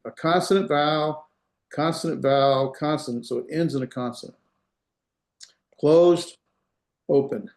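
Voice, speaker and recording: Male instructor at mid pitch, patient and repetitive, heard over a video call with room echo. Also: a little mellow. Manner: patient, explains step by step, repeats words for pronunciation. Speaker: Hebrew instructor. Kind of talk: online lecture.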